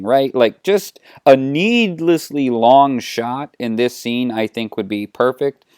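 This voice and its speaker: Lively casual male comedy host. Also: medium pitch, no room sound, clean studio sound. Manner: casual, joking. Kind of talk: comedic storytelling.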